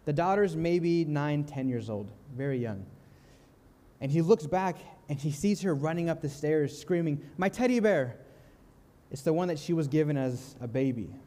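A young man preaching a sermon, telling a story in a calm, earnest way and slowing down softly on key lines. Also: on the high side, in a large hall. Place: church sanctuary.

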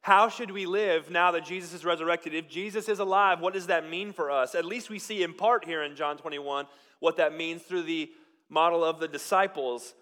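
A man preaching a sermon as pastor, moving between loud, emphatic lines and quiet, hushed ones. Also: fairly high pitch, normal speed.

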